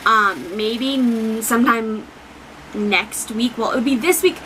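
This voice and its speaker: A woman's voice: a little high, measured pace, a bit bright, a little hiss or hum, low-quality recording. A young woman vlogging casually, rambling with many fillers and free swearing. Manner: emotional, near tears. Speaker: book vlogger. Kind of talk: casual vlog talk.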